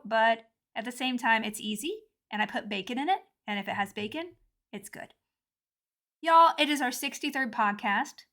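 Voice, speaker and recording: A woman in her thirties hosting her own podcast, chatting casually and poking fun at herself, recorded at home rather than in her sound booth. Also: a little high. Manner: chatty, self-deprecating, animated. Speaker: podcast host. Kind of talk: casual solo podcast chat. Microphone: home recording, not in booth.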